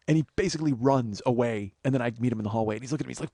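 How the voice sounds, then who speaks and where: A man in his forties telling a profane comic story on his own show, animated and acting out every quote. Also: medium pitch, very fast, few pauses, no echo, clean studio sound. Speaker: comedian host.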